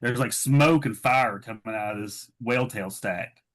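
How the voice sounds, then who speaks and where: A man's voice: lowish voice, normal speed, fairly bright tone. A man co-hosting a podcast, retelling a story in casual, rambling chat full of fillers. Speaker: podcast co-host.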